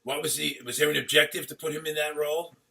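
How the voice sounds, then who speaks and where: A man's voice: fairly high pitch, steady tone, quick pace, creaky, sharp tone. A man hosting an interview, asking questions and chiming in with short agreement. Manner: brief agreeing responses and questions. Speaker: interview host. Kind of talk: casual interview chat. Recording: roomy, distant from the mic.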